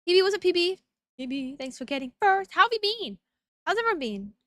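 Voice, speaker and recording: A woman's voice: very high-pitched, big pitch swings, quick pace, bright, forceful tone, no room sound. A young woman streaming casually, bubbly and giggly as she greets her chat one by one.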